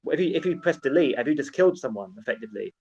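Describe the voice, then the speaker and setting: A man's voice: medium pitch, lively intonation, very fast, darkish tone, slightly rough. Earnest man musing, dull lo-fi sound. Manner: earnest, musing, hesitant restarts. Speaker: podcast co-host. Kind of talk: casual philosophical chat. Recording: dull lo-fi mic.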